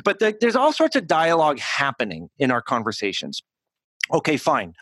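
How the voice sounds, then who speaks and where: An American man in a podcast interview, coaching on speech, talking in an animated and emphatic way with frequent restarts. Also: on the high side, normal speed, no room sound. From United States. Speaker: communication coach, guest.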